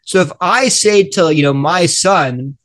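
A middle-aged man with a fairly high voice talks earnestly in a group discussion. He acts out small dialogues as he goes. He often restarts his sentences midway. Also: measured pace, fairly bright tone. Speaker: guest author. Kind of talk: animated discussion.

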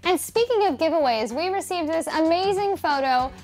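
Bubbly high-voiced woman hosting space news. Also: lively intonation, moderate pace, darkish tone. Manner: playful, jokey asides to viewers. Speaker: news show host. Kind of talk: upbeat space news presenting to camera.

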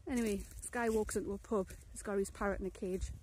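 A woman telling a crude pub joke in a deadpan, matter-of-fact way, swearing casually. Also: mid-range voice, fast, a little hiss or hum. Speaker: joke teller.

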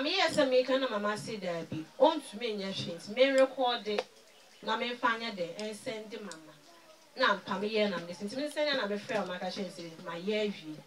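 A woman with a Ghanaian accent gives a spoken testimony at a church service, blending Twi with English. Her medium-pitched voice swings from loud to very soft, and she sounds far from the mic.

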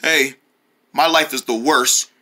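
Someone voicing a gloomy, mopey cartoon guy who talks in a flat, mumbling sulk. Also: medium pitch, takes it slowly, pitched below the performer's own voice.

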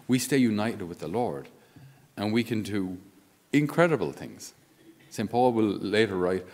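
A man's voice: on the low side, lively intonation, moderate pace, a little mellow. A man with an Irish accent, a Catholic priest giving a conversational homily with wry asides. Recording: long reverb of a large hall.

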